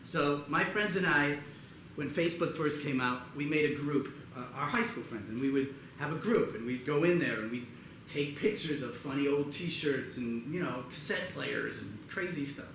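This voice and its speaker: A man performing live storytelling comedy in a theater, animated and acting out other people's voices in loud bursts. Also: a little high, normal speed, a little hiss or hum. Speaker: comedian performing a one-person show. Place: theater stage before a live audience. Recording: echoey theater with audience ambience.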